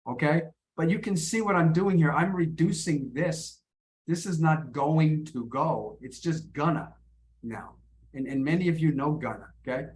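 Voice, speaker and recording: An American man teaching English in an online lesson, explaining in a halting way and often repeating words. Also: fairly high pitch.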